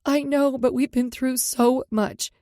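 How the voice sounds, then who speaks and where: A woman voicing a tearful young woman confessing to her mother, speaking haltingly. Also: high-pitched, steady tone, warm tone, no echo, clean studio sound, pitched above the performer's own voice. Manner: emotional, halting.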